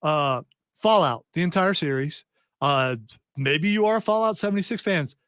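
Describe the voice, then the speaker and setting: Leaning high and moving at a moderate pace, this male radio host has a slightly bright, clear, resonant voice. He chats casually with a group on air, wandering through his points with lots of restarts and fillers. The studio audio is clean and dry.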